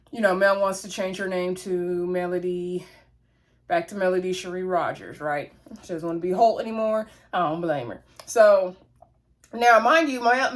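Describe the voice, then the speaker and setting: Woman, casual reality TV recap, gossipy, chatty. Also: mid-range voice. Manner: chatty, gossipy, acts out the cast's lines.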